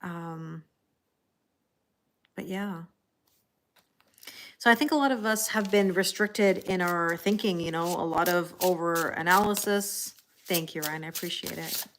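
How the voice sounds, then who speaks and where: A woman's voice: on the low side, measured pace, long pauses. A middle-aged woman hosting a live tarot reading, chatting casually, laughing often and answering viewers' comments. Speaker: tarot reader hosting a livestream.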